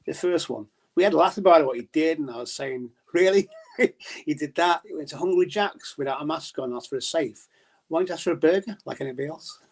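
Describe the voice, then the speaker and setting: A man's voice: a little high, fast, gravelly. A man as a podcast guest in casual chat, telling stories chattily, swearing and laughing often.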